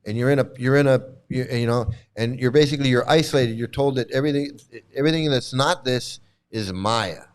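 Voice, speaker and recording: A man in his sixties speaks in a smooth, resonant voice at a middle pitch. He talks bluntly and profanely in a candid monologue, circling back to repeat his phrases for emphasis. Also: brisk, few pauses. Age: 60s. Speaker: vlogger, former cult member.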